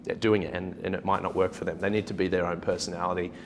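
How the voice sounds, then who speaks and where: A man's voice: deep voice, little pitch movement, quick pace, noisy background. A man with an Australian accent, a real estate agency principal, chatting casually as a podcast guest in a self-deprecating, joking way with frequent restarts. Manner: self-deprecating, jokey storyteller with many restarts.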